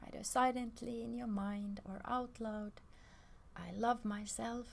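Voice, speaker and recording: A young woman speaks softly in a personal self-help video, often easing into a hushed, breathy half-whisper. Her voice sits a little high and carries a light gravelly fry. A faint hiss runs underneath. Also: steady tone, a little slow.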